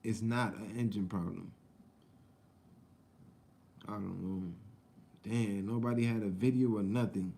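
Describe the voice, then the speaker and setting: Rambling male vlogger with a mellow voice. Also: lowish voice, fairly even intonation, measured pace, gravelly, pauses often, slight background noise. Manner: rambling, repetitive, talks to viewers directly. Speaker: vlogger and channel host. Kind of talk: casual live-stream chat.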